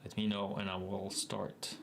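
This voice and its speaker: A man's voice: sits low, monotone, unhurried, gravelly, a little hiss or hum. A man with a Québécois accent, a native French speaker, hosting a casual livestream, chatting and laughing often as he answers his chat. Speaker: livestream host.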